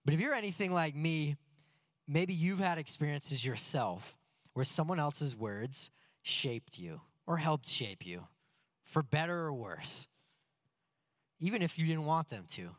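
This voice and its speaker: A pastor in his thirties preaches a sermon with plenty of energy, telling lively stories and asking rhetorical questions. His voice is on the high side and his pace measured, captured as clean studio sound with no room sound.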